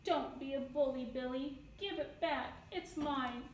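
A woman reads the part of a small new schoolboy in a picture book, speaking firmly and plainly. The voice sits a little high and is slow and deliberate. It is heard from a distance in a roomy, echoing space. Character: young schoolboy, new kid standing up to a bully. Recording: echoey room, distant mic, faint noise.

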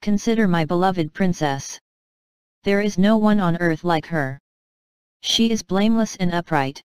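A woman voicing a loving fatherly king who speaks solemnly and gently in a storybook reading. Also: on the low side, measured pace, clear, resonant tone, no echo, natural voice. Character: loving fatherly old male king, grave and tender.

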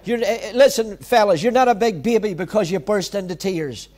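A man's voice: high-pitched, brisk, few pauses, a little mellow. A man preaching a sermon as pastor, emphatic and repetitive, urging his listeners directly.

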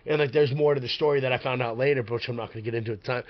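A man's voice: mid-range voice, steady tone, racing, dull audio. A man who is a podcast guest and pro wrestler, telling a rambling, profane story with lots of filler words. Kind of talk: casual storytelling.

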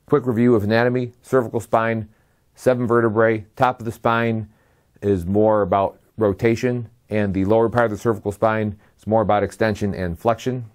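A man's voice: lowish voice, steady tone, moderate pace. A man giving a slide lecture as a medical lecturer. He lists terms one by one in a methodical way and adds brief dry asides.

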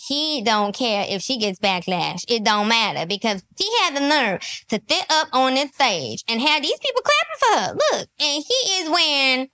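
A woman delivers mocking comedic commentary full of sass and punchy asides. Her voice sits high and sharp. Her pitch leaps around animatedly. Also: clean tone. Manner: sassy, mocking, laughing, animated.

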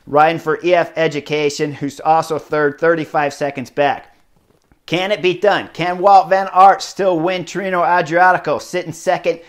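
A middle-aged man giving casual, excited analysis of a bike race, stressing points with emphatic repetition. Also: fairly high pitch. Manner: excited, emphatic, piles up rider titles.

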